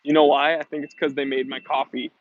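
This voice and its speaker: A man's voice: mid-range voice, level tone, quick pace. An American man hosting a casual live stream, chatty and upbeat, reading viewer comments aloud and laughing often, with slightly dull lo-fi stream audio.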